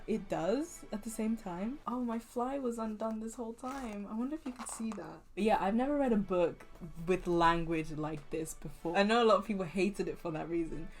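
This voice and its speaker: A woman's voice: mid-range voice, darkish tone. A young woman chatting casually and playfully about books she read, laughing often as she goes. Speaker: book vlogger. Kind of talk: casual book review chat.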